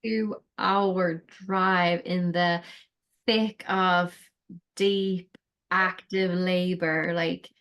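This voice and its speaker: A woman podcast host giving slow, drawn-out reactions in casual chat. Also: on the low side, little pitch movement, fairly bright tone.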